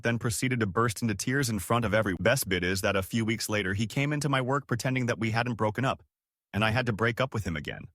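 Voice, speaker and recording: A man reading a string of online stories as scripted narration, in a lively storytelling manner. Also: mid-range voice, no room sound, clean studio sound.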